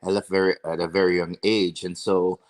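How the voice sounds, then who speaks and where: Deep-voiced man musing in discussion. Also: little pitch movement, fairly quick. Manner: reflective, asks rhetorical questions. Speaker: discussion host. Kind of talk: casual discussion.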